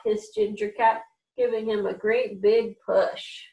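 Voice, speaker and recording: Slow, gentle woman reading picture books aloud. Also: mid-range voice. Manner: slow, gentle, animated storytelling with character voices. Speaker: children's reading program host. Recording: echoey room, a little far from mic.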